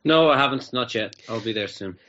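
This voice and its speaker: Bright-voiced Irish comedian on radio. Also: male voice, medium pitch, animated, brisk. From Ireland. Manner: joking, incredulous storytelling. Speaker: guest comedian. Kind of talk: phone-in radio interview. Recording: dull lo-fi radio audio.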